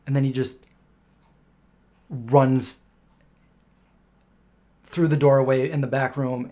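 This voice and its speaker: A man's voice: mid-range voice, warm tone. Middle-aged man rambling through stories. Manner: rambling anecdotal storytelling, acting out quoted voices. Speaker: live stream host answering viewer questions. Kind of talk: casual live Q&A chat.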